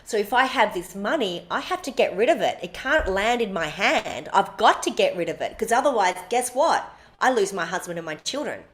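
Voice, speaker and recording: A woman's voice: medium pitch, sing-song, normal speed. A woman, co-hosting a podcast and telling a personal story in casual chat, blunt and emphatic, swearing freely. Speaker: podcast co-host.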